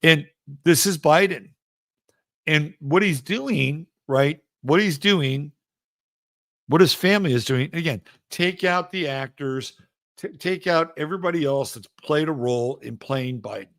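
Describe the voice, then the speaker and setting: A man's voice: a little high, a little slow, fairly bright tone, dry recording. A man hosting a live astrology show, talking casually and emphatically with rambling asides. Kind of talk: casual live-stream commentary.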